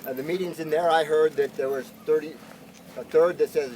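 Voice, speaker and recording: A man with a slightly raised pitch and a drawl speaks as a rancher at an outdoor press conference. He talks in a folksy, earnest way and pushes his points emphatically. Faint outdoor noise sits under the voice. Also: fairly even intonation, fairly quick, mellow, rough recording. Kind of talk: outdoor press statement answering reporters.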